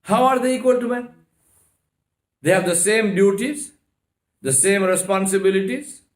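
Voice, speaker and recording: A man lectures in a mosque with a raised, fairly high voice. He drives home each point with rhetorical questions and rapid strings of "no." His voice rings around the room. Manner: emphatic, rhetorical questions, repeated "no, no, no". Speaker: Islamic lecturer. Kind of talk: religious lecture. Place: mosque hall. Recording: echoey mosque hall.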